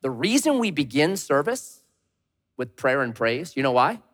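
A man preaching a sermon as a pastor, animated and dramatic, swinging from loud bursts to hushed, low asides. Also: moderate pace, long reverb tail.

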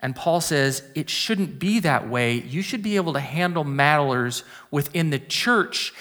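A man preaching a conversational sermon, animated, jumping between loud exclamations and hushed, low emphasis. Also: moderate pace, few pauses.

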